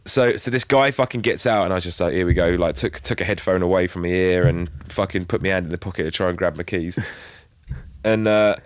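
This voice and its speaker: Laid-back sweary storyteller. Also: male voice, deep voice, fairly quick, no echo, clean studio sound. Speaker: podcast co-host. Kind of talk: casual chat, telling an anecdote.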